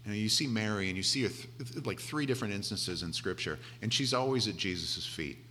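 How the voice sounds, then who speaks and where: A man preaching a conversational sermon, retelling scripture with animated asides and voiced characters. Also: fairly low pitch, brisk, a little hiss or hum.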